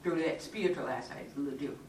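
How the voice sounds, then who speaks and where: A woman's voice: deep voice, rapid-fire, a little mellow. Earnest woman in echoey far-off room. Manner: earnest, emphatic, folksy. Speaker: church discussion participant. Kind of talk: casual faith discussion. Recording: echoey room, mic far off, faint noise.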